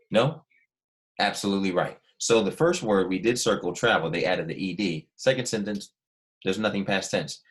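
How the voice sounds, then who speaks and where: A man teaching a recorded language lesson, explaining patiently step by step and asking his students questions. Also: lowish voice. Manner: slow, careful dictation with each word repeated.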